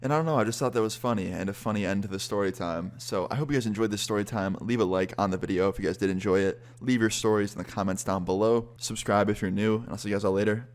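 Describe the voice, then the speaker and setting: A young man casually telling a storytime vlog, animated and swearing freely. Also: on the low side, fast, few pauses. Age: young adult. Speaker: vlogger.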